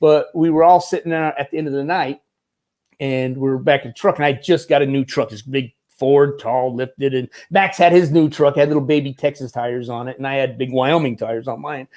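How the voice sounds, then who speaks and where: A former Marine who became a stuntman and advisor tells casual, rambling stories in an interview, lively and acting out other people's voices. His voice is medium in pitch and he talks a little fast.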